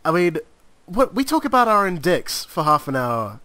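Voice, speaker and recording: A man's voice: sits high, big pitch swings, normal speed, pushed and bright, dry recording. Joking male podcast host. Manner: joking, wraps up and plugs the show. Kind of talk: casual chat.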